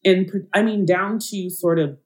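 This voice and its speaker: A woman co-hosting a casual chat, animated and playful, laughing often and using teasing slang. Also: lowish voice, normal speed. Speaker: podcast co-host. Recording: roomy echo.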